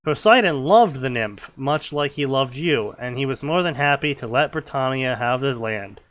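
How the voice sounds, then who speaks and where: A man's voice: medium pitch, lively intonation, moderate pace, a bit bright. A young man reading fanfiction aloud with sarcastic comic commentary, mocking the story as he goes. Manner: sarcastic, mocking, breaks into laughter. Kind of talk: comedic dramatic reading with commentary.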